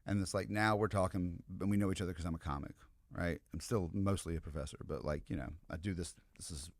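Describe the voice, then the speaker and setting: A low-voiced man from the American South, a comedian and history professor, appears as a podcast guest and rambles through casual stories, peppering them with "like" and "you know." His tone stays steady and his pace is quick, with no echo on the recording.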